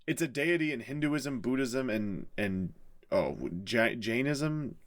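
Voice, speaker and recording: A man's voice: mid-range voice, a little slow. A man co-hosting a podcast, reacting with frequent laughter and playful banter. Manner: laughs often, animated reactions. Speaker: podcast co-host.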